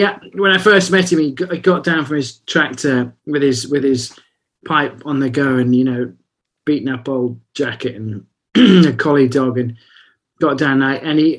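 A man's voice: on the high side, moderate pace. A man in casual conversation, telling rambling, reflective stories. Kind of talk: casual chat.

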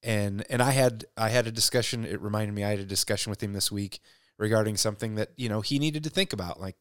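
A man talking about faith in a casual conversation, reflective and halting, often restarting his sentences. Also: on the low side, smooth, dry recording, clean studio sound.

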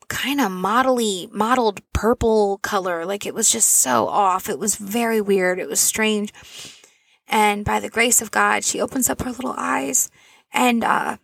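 Earnest mother with a gravelly edge. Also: mid-range voice, fairly bright tone, no room sound. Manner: earnest, rambling with fillers and asides. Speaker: mother telling a personal story. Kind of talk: casual storytelling to camera.

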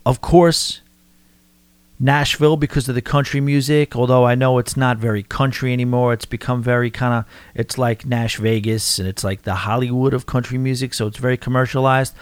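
Rambling New York podcast host, dry sound. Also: male voice, medium pitch, dry recording. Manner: rambling, conversational, frequent restarts and fillers. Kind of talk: casual podcast monologue answering listener mail.

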